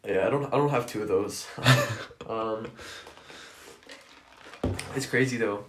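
A man's voice: lowish voice, unhurried, noisy background. A young man in casual chat, crude and joking, laughing often. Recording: echoey room.

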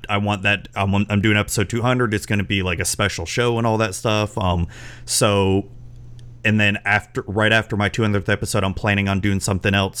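A man's voice: fairly low pitch, a bit bright, smooth. A man hosting a podcast interview, chatting casually and rambling with many restarts. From Florida, US. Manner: rambling, lots of restarts and fillers. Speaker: podcast host.

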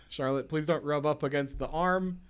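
A man's voice: fairly high pitch, slow pace, clear, resonant tone. A man hosting a home podcast in casual chat, rambling with fillers and frequent laughter. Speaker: podcast host. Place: home room with cats. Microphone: podcast mic at a mixer.

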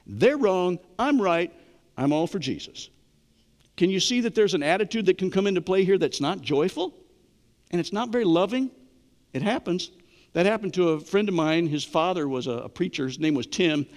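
Pastor, middle-aged man, slightly higher voice, chatty sermon delivery, long church reverb. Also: a little fast. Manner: conversational preaching, asks the congregation questions.

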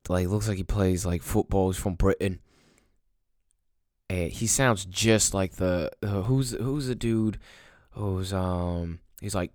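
Young male vlogger, low-voiced, sarcastic and crude, dry close recording. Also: a little mellow, no echo. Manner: crude, sarcastic, self-mocking. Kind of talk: casual rambling monologue.

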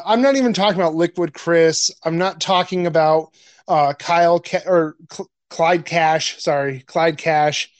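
A man's voice: sits high, no room sound. Crude, joking podcast guy, dry sound. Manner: crude, joking, laughs often. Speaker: podcast co-host. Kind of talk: casual chat.

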